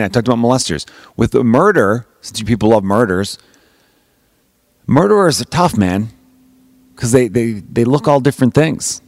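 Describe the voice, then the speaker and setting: A man with a fairly low voice talks alone on his podcast in a loose, comic ramble, swearing casually and stopping often to correct himself. The sound is dry and close, with no room echo. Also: darkish tone. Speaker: podcast host. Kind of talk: solo comedic podcast monologue.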